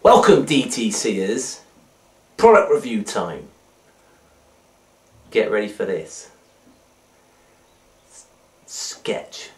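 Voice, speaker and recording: A man hosting a magic product review, playful and rambling with frequent jokey asides. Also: on the low side. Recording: echoey room, mic at a distance.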